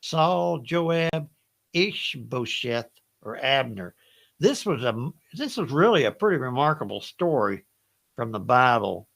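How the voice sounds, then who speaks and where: A man's voice: mid-range voice, sing-song, slow pace, creaky, a bit bright. An older man with a Southern accent hosts a live Bible trivia game, chatting folksily, laughing often and reading each question twice.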